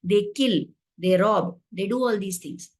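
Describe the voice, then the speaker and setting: A woman spiritual teacher giving a deliberate, explanatory scripture discourse with a folk tale. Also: medium pitch.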